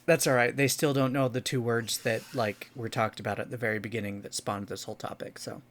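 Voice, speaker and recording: A man co-hosts a casual podcast and talks earnestly, filling his sentences with "like" and "you know." His pitch is middling. Now and then he lets a casual swear word slip. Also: fairly even intonation, fairly quick, fairly bright tone. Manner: earnest, filler-heavy with frequent "like", swears casually. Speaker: podcast co-host.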